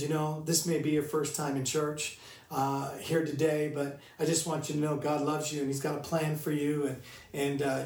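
A man's voice: fairly high pitch, darkish tone, recorded from a distance. Earnest preacher man in an echoey room. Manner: earnest storytelling with scripture reading. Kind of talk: sermon with personal story.

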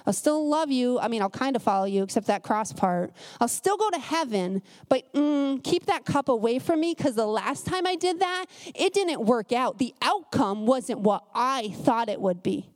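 Woman preacher with a high voice, casual sermon, lively storytelling delivery. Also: moderate pace, hardly any pauses. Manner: animated storytelling, shifting pace. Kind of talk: conversational sermon.

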